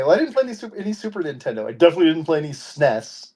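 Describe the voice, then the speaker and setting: A man's voice: on the high side, very animated, racing, dark tone. A man in his forties co-hosting a podcast, chatting casually and ranting with playful mock indignation. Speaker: podcast co-host. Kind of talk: casual chat.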